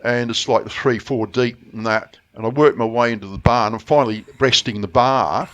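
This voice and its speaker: A middle-aged Australian man chatting casually, telling a long story with many restarts and getting animated when he quotes people. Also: medium pitch, moderate pace. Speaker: friend sharing memories. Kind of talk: casual chat.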